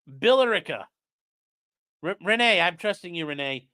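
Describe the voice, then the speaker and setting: A man's voice: on the high side, sing-song, moderate pace, pauses often, bright, forceful tone, smooth. A man hosting a casual live stream, reading a document aloud and rambling to his chat with crude jokes and swearing. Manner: rambling, profane, jokey asides to chat. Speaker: livestream host.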